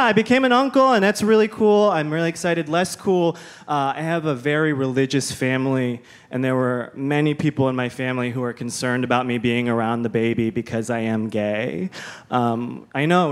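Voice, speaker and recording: A young man performing a stand-up comedy set, chatty and self-deprecating. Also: fairly high pitch. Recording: comedy club with laughing crowd. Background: audience laughter.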